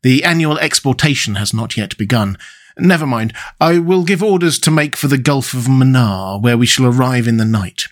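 A man's voice: mid-range voice, lively intonation, normal speed, lightly acted. A man voicing a mysterious, commanding sea captain who speaks with courteous, careless assurance in an audiobook. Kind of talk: audiobook character reading.

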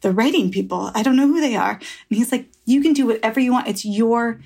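A woman's voice: a little high, quick pace, gravelly, mellow. A woman author in a candid podcast interview, talking frankly and rambling through stories with easy laughs and the odd swear. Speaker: author guest.

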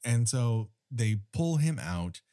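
A man hosting a casual film recap podcast, wry and profane, telling the story with lively asides. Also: mid-range voice, slow pace, dry recording, studio quality. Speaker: former studio tour guide. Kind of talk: casual chat.

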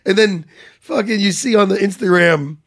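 A man's voice: sits high, moderate pace, gravelly. A man hosting a casual chat, rambling and swearing freely, often laughing mid-sentence. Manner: animated, swears a lot, breaks into laughter.

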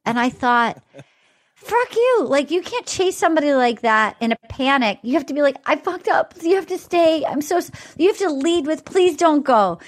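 A woman hosting a casual recap chat, acting out quotes and laughing loudly. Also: sits high, moderate pace. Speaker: podcast host.

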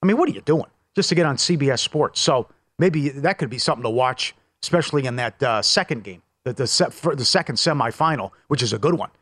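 A man co-hosting a sports betting show from a casino studio, brisk and opinionated, rattling off records and stats. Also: medium pitch, lively intonation, a bit bright, no room sound. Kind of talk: casual sports talk.

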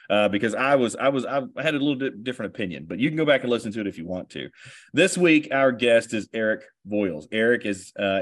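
A man hosting an interview podcast, chatty and rambling, with many fillers and restarts. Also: medium pitch. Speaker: podcast host.

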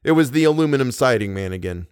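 Man reading a story in a deadpan voice. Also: medium pitch, fast, clean tone, dry recording, studio quality. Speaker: podcast narrator. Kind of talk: scripted narration of a short story.

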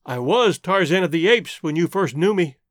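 A man's voice: sits high, expressive, normal speed, dry recording, clean studio sound. Tarzan, a man playing a proud jungle hero. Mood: intense. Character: strong, proud jungle man, intense and direct. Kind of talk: audiobook character voice.

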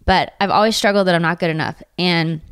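A woman's voice: on the low side, brisk, clean tone, no echo, studio quality. A young woman hosting a podcast, speaking in a heartfelt way with many filler words. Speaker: podcast host. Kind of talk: casual chat.

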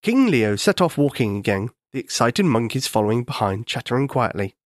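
A man narrating a children's story in a gentle, expressive way. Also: mid-range voice, brisk, no room sound, studio quality.

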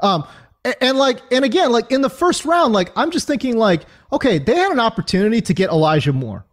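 Guy with a high lively voice ranting about football, lots of "like" and restarts. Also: fairly quick. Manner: animated ranting with many fillers and repeats. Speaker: fantasy football podcast co-host. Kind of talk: casual sports chat.

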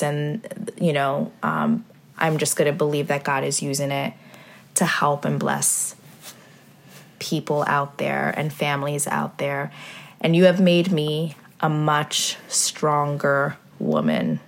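Gravelly low-voiced mother hosting a podcast. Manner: earnest, faith-filled, many fillers. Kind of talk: heartfelt podcast conversation.

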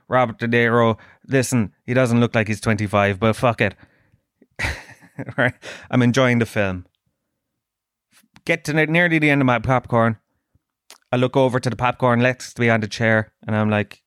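Guy hosting his own podcast, swears a lot and rants, voice gets loud and high when he's worked up, dry close mic. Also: moderate pace, pauses often, smooth, dry recording. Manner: profane, ranting, animated. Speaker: podcast host. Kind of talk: comic storytelling monologue.

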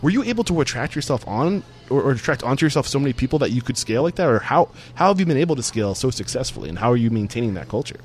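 A male host talks quickly at a mid pitch, keeping the conversation moving. He affirms his guest often and asks long, winding questions. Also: sing-song, a little mellow, faint music behind. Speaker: interview host. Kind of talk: conversational podcast interview.

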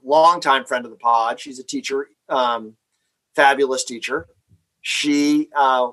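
Man, podcast host, casual chat, relaxed, chatty, mid pitch. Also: poor audio. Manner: relaxed, chatty, reads sponsor copy quickly.

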